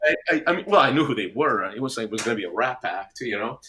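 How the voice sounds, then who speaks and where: A middle-aged man with a mid-range voice, speaking as a guest in a casual interview. He tells his stories in a lively way and slips into the voices of the people he quotes. The sound is a video call from a roomy home studio with plenty of echo. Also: medium pitch, fast, a little hiss or hum. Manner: animated storyteller acting out other people's lines. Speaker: guest album cover artist. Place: home studio with framed records on the wall.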